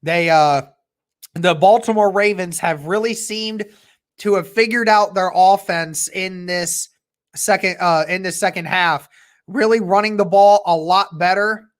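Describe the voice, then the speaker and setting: Fan livestream host doing play by play, mid pitch, kinda halting and measured. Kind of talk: casual livestream play-by-play commentary.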